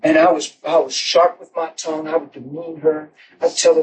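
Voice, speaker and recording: High-voiced preacher telling his testimony. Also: moderate pace. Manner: animated storytelling, laughing, shouting peaks. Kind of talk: testimony sermon. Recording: distant mic with noisy room ambience.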